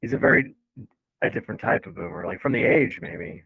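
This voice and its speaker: A man's voice: lowish voice, animated, fairly quick, vocal fry, pushed and bright, breathy edge, no echo, low-quality recording. A man co-hosting a casual podcast, reacting with thoughtful, musing comments. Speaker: podcast co-host. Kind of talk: casual chat.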